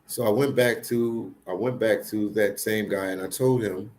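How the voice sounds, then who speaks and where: A man's voice: lowish voice, fairly even intonation, normal speed, a little mellow, slight background noise. A man hosting a livestream, telling stories casually, repeating phrases and speaking with emphasis. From Philadelphia, United States. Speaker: livestream host. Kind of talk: casual live storytelling.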